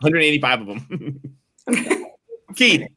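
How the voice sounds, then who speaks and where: A man's voice: on the high side, sing-song, bright, forceful tone. A man leading an improv comedy game, upbeat, calling on players and laughing along. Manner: upbeat, quick cues and laughter.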